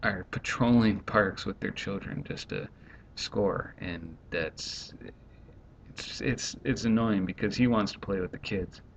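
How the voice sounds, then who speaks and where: Brief: deep gravelly man in his thirties, rambling home-vlog rant, dull lo-fi sound. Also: expressive. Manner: rambling, exasperated, quickly acts out others. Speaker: stay-at-home dad vlogger. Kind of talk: casual vlog monologue. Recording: dull lo-fi home recording, faint rumble.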